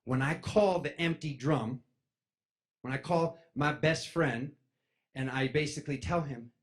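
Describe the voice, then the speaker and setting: A young man telling a personal story to an audience, acting out the voices of his friends and jumping from loud, high outbursts down to low mutters. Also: a little slow. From East Coast of the United States. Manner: lively, acts out friends' voices, jumps loud and high then drops to a mutter.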